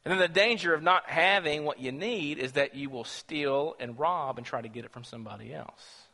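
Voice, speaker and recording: A man's voice: a little high, normal speed, vocal fry, pushed and bright, big-room sound. A man preaching a sermon to his congregation, emphatic and full of rhetorical questions.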